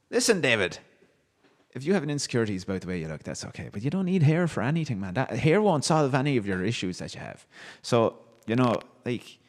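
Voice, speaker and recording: Man, livestream host, wry banter, lively pitch, long reverb. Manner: wry, chatty, reacts to chat with amused banter. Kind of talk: casual livestream chat reading comments.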